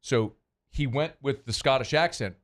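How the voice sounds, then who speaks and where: Animated male sports radio host. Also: normal speed. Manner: animated, laughing, rises high when worked up. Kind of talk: casual sports radio chat.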